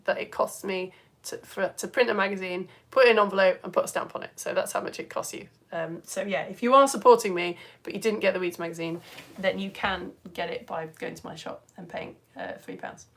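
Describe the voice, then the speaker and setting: A woman and mother, chatting excitedly to her live-stream audience as she reads out their comments. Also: brisk. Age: adult parent. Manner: excitable, chatty, with big swings in pitch and loudness. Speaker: live-stream educator reading chat comments.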